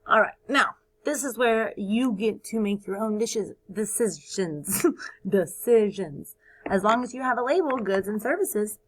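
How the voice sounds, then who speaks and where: A woman teaching first graders in a recorded video lesson, encouraging and sing-song, sounding out words slowly for the children. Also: on the high side, fairly bright tone.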